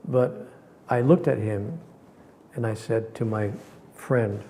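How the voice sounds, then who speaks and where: A man, a spiritual teacher, telling personal stories in an animated way, acting out the people in them and sometimes dropping to a whisper. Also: fairly low pitch, takes it slowly, pauses often, a little hiss or hum. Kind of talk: storytelling talk.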